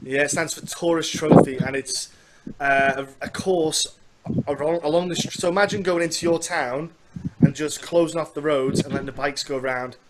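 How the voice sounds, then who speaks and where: Hosting a casual podcast chat, a man with a Manx accent from the Isle of Man rambles cheerfully and makes jokes at his own expense. The recording is very noisy, and his voice is a little high, delivered at a moderate pace.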